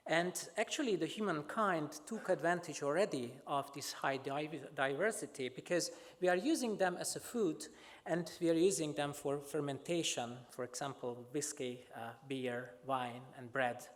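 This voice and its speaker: Halting man lecturing in a reverberant hall. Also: on the high side. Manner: halting, many filler sounds and restarts. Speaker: microbiology researcher giving a lecture. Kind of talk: academic talk with slides.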